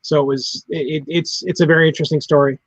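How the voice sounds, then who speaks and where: A man keeps stumbling and restarting his sentences as he chats. His voice sits a bit high and comes through dull, lo-fi audio that sounds dry. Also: level tone, fast, no room sound. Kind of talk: casual chat.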